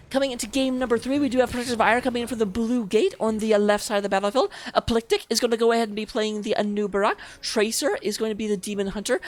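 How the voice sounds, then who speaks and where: A woman calls a live esports match in a chatty, self-mocking way, her voice a touch higher than most. Faint music plays beneath her commentary. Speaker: esports caster.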